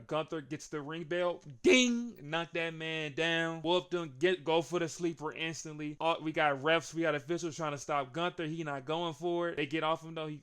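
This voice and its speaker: A young man with a slightly higher voice and a gravelly, fry-heavy edge talks through a wrestling show in loose, casual chat. He chuckles often and his voice climbs with excitement as the action heats up. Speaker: wrestling recap host.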